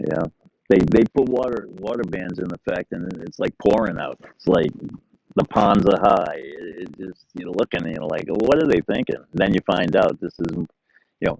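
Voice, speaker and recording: A man's voice: low voice, creaky, dark tone, poor audio. A middle-aged man hosting a live stream, chatting casually and rambling in an easygoing way to his viewers. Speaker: livestream host.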